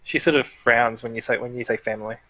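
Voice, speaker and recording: A man with a bright, forceful voice runs a tabletop game, easygoing and chatty. The sound is dry and close, with no room around it. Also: mid-range voice, fairly even intonation, fast, dry recording, poor audio. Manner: easygoing, chatty, laughs often. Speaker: game master.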